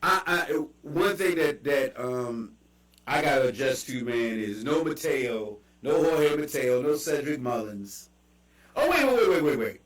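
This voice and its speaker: A man's voice: medium pitch, recorded from a distance. Chatty Baltimore man in an echoey room. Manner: animated storytelling with quick asides and laughs. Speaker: podcast host. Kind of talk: casual chat.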